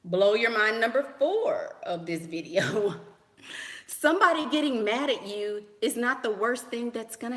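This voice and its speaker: With a medium-pitched, fairly bright voice, a vlogger dishes out casual dating advice in response to viewer questions. Her manner is blunt and sassy with a dismissive edge; she laughs often, repeats lines, and frequently says "honey" and "girl."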